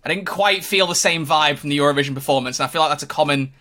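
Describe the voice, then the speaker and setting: A podcast co-host chats casually and teases his co-hosts, his slightly high voice bright and forceful. He's jokey and quick to restart his sentences.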